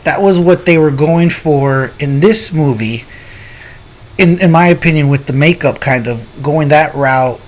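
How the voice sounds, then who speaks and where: Higher-voiced man chatting casually. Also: unhurried. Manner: rambling, restarts often, thinks aloud. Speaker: podcast co-host. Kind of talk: casual film review chat.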